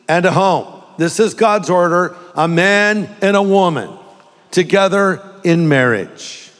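Male pastor from California, bright high voice, jokey sermon delivery, recorded in a reverberant sanctuary. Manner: humorous, with joking asides and quick impressions.

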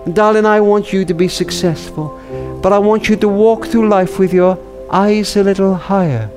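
An older man telling a tender story in a talk, slowing to a hush on key words. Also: high-pitched, soft background music. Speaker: speaker.

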